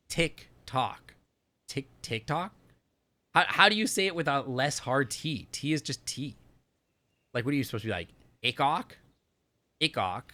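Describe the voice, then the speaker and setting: A man with a Canadian accent chatting loosely through a live game stream, rambling and thinking out loud. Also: mid-range voice.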